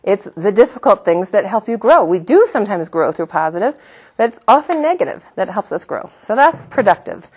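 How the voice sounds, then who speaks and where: Middle-aged woman religious teacher, animated storyteller with a lively, swinging delivery, slightly muffled recording. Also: mid-range voice, brisk, breathy edge. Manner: animated storyteller, laughs often. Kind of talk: religious talk with personal stories.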